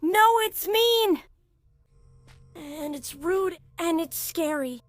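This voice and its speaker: A woman's voice: very high voice, expressive, drawn-out words, no room sound, exaggerated voice. A woman voicing a young male hermit crab hero in a video game, sounding whiny, defeated and sulky. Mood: despairing. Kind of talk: video game cutscene dialogue.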